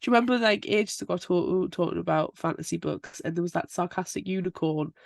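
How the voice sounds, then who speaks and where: A woman's voice: on the low side, a little fast, creaky, dry recording. A woman co-hosting a book podcast in casual chat, gushing and playful about the characters she loves. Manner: gushing, playful, breaks into squeals. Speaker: podcast co-host. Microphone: video call.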